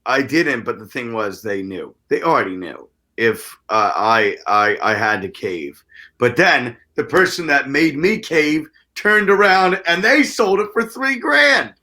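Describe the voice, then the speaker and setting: Sex: man. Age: 30s. Role: musician guest. Style: casual storytelling interview. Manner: animated, profane, stammering restarts. Timbre: bright. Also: mid-range voice, measured pace.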